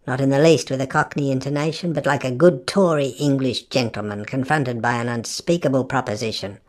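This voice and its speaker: A woman narrating a literary audiobook in an expressive, wry manner with shifting emphasis. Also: rumbling low, a little fast.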